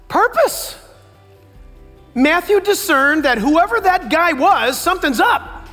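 High, bright-voiced preaching pastor in a hall. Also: male voice, very animated, slow, faint music behind. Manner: emphatic preaching with sudden bursts of loud exclamation. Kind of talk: sermon. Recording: long hall reverb.

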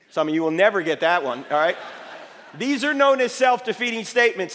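A man giving an emphatic, lively lecture to a live audience, quizzing them with rhetorical questions, his voice slightly failing. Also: fairly high pitch. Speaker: speaker addressing a live audience. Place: large hall with audience. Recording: echoey hall reverb.

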